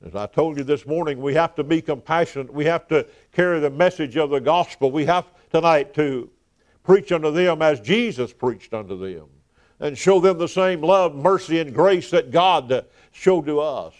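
A man's voice: on the high side, normal speed. A man preaching an evening sermon, speaking emphatically, repeating key words and letting his phrases fall away at the ends.

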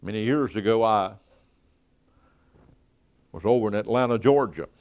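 A man's voice: lowish voice, moderate pace, darkish tone. A man preaching an evening sermon, speaking emphatically, repeating key words and letting his phrases fall away at the ends.

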